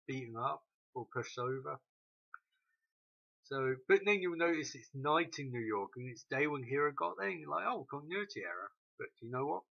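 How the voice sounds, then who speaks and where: A man's voice: mid-range voice, gravelly. A man hosting a profane, sarcastic comedic recap rant. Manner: sweary, sarcastic, animated. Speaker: recap host. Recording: dull lo-fi recording.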